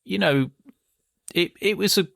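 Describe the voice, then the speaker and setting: A man's voice: high-pitched, measured pace, creaky, a bit bright, no room sound, studio quality. A male podcast host chatting reactively with his guest in an interview. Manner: reactive, conversational. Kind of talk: interview chat.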